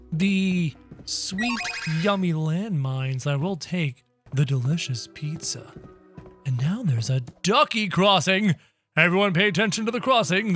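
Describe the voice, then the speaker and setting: Guy doing excitable lets-play commentary, high voice, bouncing all over the place. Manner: excitable, playful, talks to viewers. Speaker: gameplay video creator.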